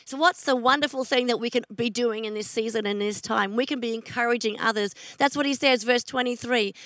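A middle-aged woman preaching a sermon, earnest, repeating her key questions and slowing down to stress scripture. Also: on the high side, a bit bright, dry recording.

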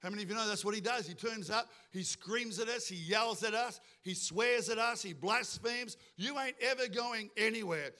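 A man's voice: sits high, normal speed, hardly any pauses, pushed and bright. A man preaching a sermon with fervour, asking the crowd questions and acting out quoted voices. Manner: fervent preaching with call-and-response questions, acts out quoted voices. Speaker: pastor.

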